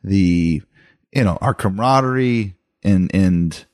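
A man's voice: low-pitched, takes it slowly, a little mellow, no room sound. A middle-aged man co-hosting a podcast who chats casually and teases with pointed questions. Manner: teasing, ribbing questions. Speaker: podcast co-host. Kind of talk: casual chat.

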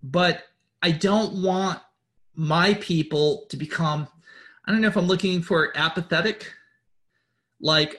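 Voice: medium pitch, normal speed, a bit bright. A spiritual group leader giving an informal motivational talk, blunt and profane, repeating words, rambling and insistent as they urge listeners on.

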